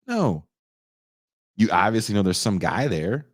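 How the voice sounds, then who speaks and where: A man in his forties casually reviewing a film, profane and animated, acting out the characters' lines. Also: low-pitched, a little fast, no echo, studio quality. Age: 40s. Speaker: podcast host reviewing a film.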